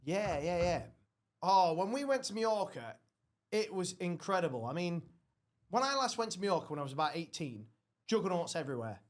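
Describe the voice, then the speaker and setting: A man with a high voice hosts a casual podcast chat. He tells long, rambling stories and swears freely along the way. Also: big pitch swings, brisk. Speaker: podcast host.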